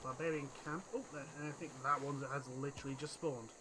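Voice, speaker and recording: A man's voice: medium pitch, fairly even intonation, a little fast, background noise. Chatty man narrating gameplay. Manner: chatty, muttering to units and himself. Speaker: gaming channel host. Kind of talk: casual let's-play commentary.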